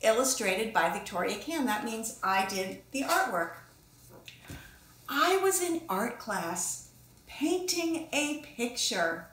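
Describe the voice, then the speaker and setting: A woman, a children's book author, reading her story aloud to young listeners with bright enthusiasm in her studio. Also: on the high side, sing-song, slow pace, echoey room, slight background noise. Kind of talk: children's read-along.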